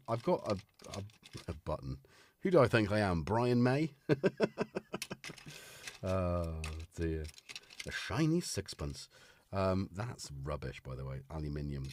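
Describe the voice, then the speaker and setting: A man's voice: low voice, very animated, a little slow, pauses often, a little mellow, a little hiss or hum. A man hosting a casual live stream from his home studio, chatting and laughing to himself as he hunts for things. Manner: rambling, chuckling, talking to himself while searching for things. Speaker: livestream host. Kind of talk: casual live-stream chat while playing gear. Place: home studio full of gear. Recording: music playing behind the voice.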